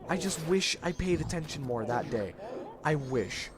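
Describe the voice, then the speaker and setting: A man's voice: on the high side, animated, normal speed, music in the background. A young man telling a rambling school story with many restarts and casual swearing while playing a game. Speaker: let's play co-host. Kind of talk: casual gaming chat, storytelling.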